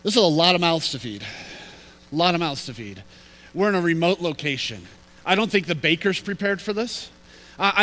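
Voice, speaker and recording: A man voicing an anxious male disciple, a fisherman, quickly explaining why a plan won't work. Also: sits high, bright, forceful tone.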